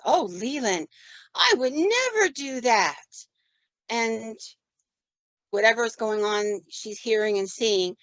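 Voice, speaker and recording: A woman's voice: mid-range voice, no echo. A woman spinning a paranormal tale from her own life on a podcast, casual and chatty, slipping into the voices of the people she describes. Her voice is close and dry, with a slightly dull, muffled tone. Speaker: podcast host. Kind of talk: casual storytelling.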